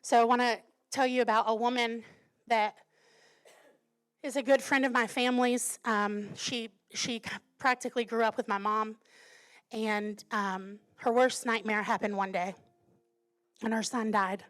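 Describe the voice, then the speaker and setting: A woman's voice: fairly high pitch, steady tone, measured pace, fairly bright tone. A woman pastor in her thirties preaching a sermon, telling a personal story earnestly and building to emphatic declarations.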